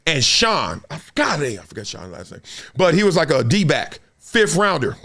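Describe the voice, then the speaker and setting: Lively high-voiced man in his fifties. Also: moderate pace, gravelly. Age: 50s. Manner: animated storyteller, acts out quotes; slangy, laughs often. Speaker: sports show host. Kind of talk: casual sports commentary.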